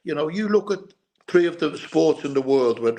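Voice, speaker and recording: An earnest man with a mixed Irish and English accent, talking over his life in a relaxed interview. He tells his stories at length, often restarting and repeating phrases as he goes. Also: fairly high pitch, moderate pace. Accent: Irish with English mix. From Ireland. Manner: repetitive, earnest storytelling with restarts. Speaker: guest, former boxer and bodyguard. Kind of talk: casual interview chat.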